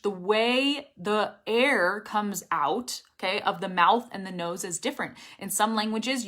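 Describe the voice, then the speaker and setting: A young woman leads a casual online English pronunciation lesson. Her voice is bright and strong, well supported and carrying, with energetic emphasis throughout. She keeps checking in with her viewers, often asking "okay?". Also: medium pitch.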